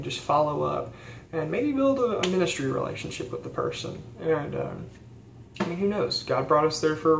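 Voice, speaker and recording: A young man from the rural US, a theology student, rambles earnestly through a story for his casual vlog, with plenty of fillers and restarts. His somewhat high voice has vocal fry, and the echoey room adds a faint hiss.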